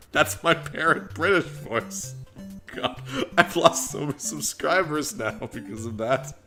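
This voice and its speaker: A man's voice: on the high side, lively intonation, slow pace, gravelly, pushed and bright. A young Canadian man with a Canadian accent gives joking, rambling, self-deprecating let's-play commentary from home. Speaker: gaming channel host. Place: home room, construction outside. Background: game music.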